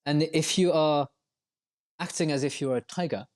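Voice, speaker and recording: A man with a slightly higher voice talks as a podcast guest. He explains ideas at length, circling back and restarting as he thinks aloud. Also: moderate pace, a little mellow. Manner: reflective, long winding explanations with many restarts. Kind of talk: podcast interview.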